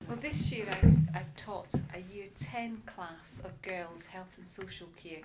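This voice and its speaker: A woman teacher telling a classroom story in an interview, warm and playful. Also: medium pitch, a little slow, loud music behind the voice, poor audio. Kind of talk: anecdotal interview talk.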